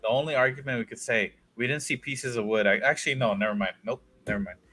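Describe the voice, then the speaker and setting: A man's voice: mid-range voice, fast, pushed and bright. A laid-back man co-hosting a casual movie review chat, laughing often. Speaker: podcast co-host.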